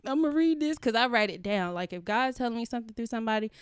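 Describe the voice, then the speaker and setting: A woman's voice: a little high, rapid-fire, clean tone, no room sound, clean studio sound. A woman co-hosting a podcast, talking candidly and earnestly about her personal life, full of filler phrases. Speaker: podcast co-host.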